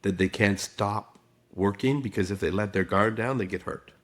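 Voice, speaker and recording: A man's voice: fairly low pitch, normal speed. A middle-aged man, a guest expert in a podcast interview, telling stories and acting out quotes. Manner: storytelling with acted quotes.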